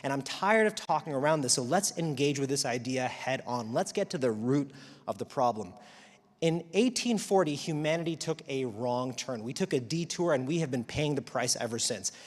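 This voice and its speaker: A man giving a live talk to an audience, animated, wry and emphatic. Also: medium pitch, normal speed. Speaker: speaker. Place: large auditorium. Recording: long hall reverb.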